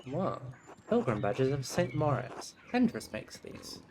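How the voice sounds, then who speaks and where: A young man streaming a story game speaks in a sing-song, medium-pitched voice at a measured pace against a noisy background. Playful and prone to swearing, he chats casually, reads the dialogue aloud, and reacts with small gasps and laughs.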